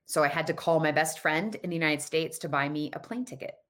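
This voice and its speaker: A woman's voice: low voice, a little fast, a bit bright. A woman in her thirties telling a personal story in casual conversation, acting out the dialogue in quoted voices.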